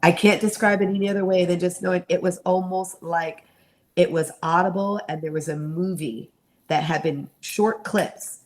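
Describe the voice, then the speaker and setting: A woman's voice: fairly low pitch, steady tone, moderate pace. A middle-aged woman giving an earnest personal testimony in an interview, acting out the voices she remembers. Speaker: interview guest, mentor and therapist.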